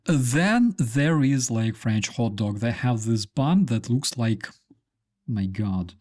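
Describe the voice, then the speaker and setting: Unhurried man chatting on a stream. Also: lowish voice, a little mellow. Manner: rambling, lots of fillers and restarts. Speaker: live stream host. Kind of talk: casual live stream chat.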